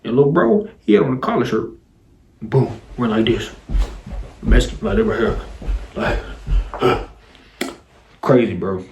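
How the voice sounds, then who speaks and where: A man's voice: mid-range voice, sing-song, a little slow, vocal fry, pauses often, darkish tone, a little hiss or hum. A man casually telling a story to his viewers in slangy, loose speech, often repeating and restarting his words. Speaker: vlogger. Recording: roomy echo.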